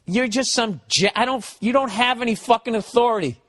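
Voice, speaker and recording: A man's voice: very high-pitched, fairly quick. A man, telling a profane comic story as a podcast host and acting out other people's lines. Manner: animated, swearing, acts out other people's lines, laughs. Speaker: comedian on his podcast. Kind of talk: profane comedic storytelling rant.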